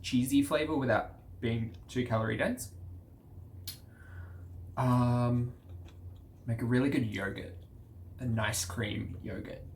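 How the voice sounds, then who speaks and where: An Australian man talks over a video he is reacting to, trading sarcastic asides at a middle pitch. His delivery is dry and casual. Faint ambient noise hangs in the background. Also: fairly even intonation, slow, long pauses. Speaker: video commentator.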